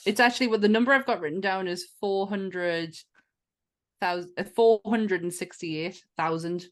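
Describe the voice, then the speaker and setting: A woman's voice: medium pitch, moderate pace. A woman with a Northern English accent, co-hosting a casual podcast chat, chatty and laughing often. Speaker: podcast co-host.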